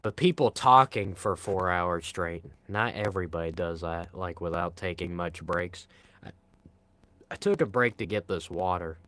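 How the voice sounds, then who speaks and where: Low, smooth-voiced male streamer from Pennsylvania. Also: moderate pace, fairly bright tone, no echo. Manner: rambling, self-deprecating, reads chat aloud. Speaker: live streamer. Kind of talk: casual live stream chat.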